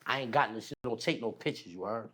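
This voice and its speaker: A man's voice: medium pitch, quick pace, slightly rough. Slangy New man telling a story. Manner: slangy street talk, animated retelling. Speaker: podcast guest. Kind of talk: casual storytelling.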